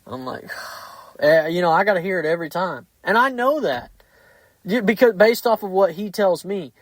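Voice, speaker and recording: A blunt, foul-mouthed man hosts a casual podcast chat and swears his way through animated stories. His voice sits a touch high. The sound is close and dry. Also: moderate pace, no echo, rough recording. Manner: profane, blunt, animated storytelling. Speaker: podcast host.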